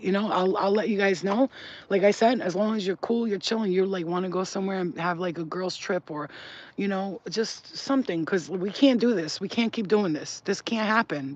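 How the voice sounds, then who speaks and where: A man's voice: high voice, highs cut off. A man who works as a spiritual healer, chatting casually on a live stream. He talks in a loose, slangy and profane way and reads viewer comments aloud. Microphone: phone.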